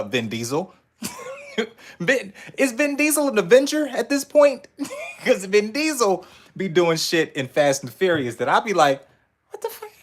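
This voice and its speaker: Animated, profane man streaming. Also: on the high side. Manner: profane, animated, laughing often. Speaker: streamer reacting to movie clips. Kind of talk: casual live-stream commentary. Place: indoors in front of a screen.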